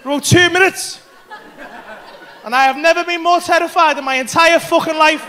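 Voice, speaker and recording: A man, telling a story on a comedy club stage, animated and swearing freely. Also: extremely high pitch, normal speed, some chatter behind. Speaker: stand-up comedian. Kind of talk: stand-up storytelling.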